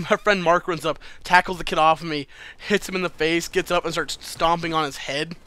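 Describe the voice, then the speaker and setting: A man's voice: on the high side, steady tone, moderate pace, pushed and bright. A man casually telling a personal story to camera, chatty and loose, swearing freely and laughing between lines.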